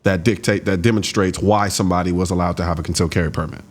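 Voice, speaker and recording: A man hosting an interview, asking animated, incredulous questions with frequent restarts. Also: sits low, rapid-fire. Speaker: host.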